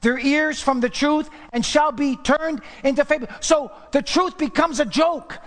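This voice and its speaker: High-voiced emphatic preacher in a reverberant hall. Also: male voice, measured pace. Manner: emphatic, rhetorical questions, swings from loud to hushed. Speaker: pastor. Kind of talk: sermon.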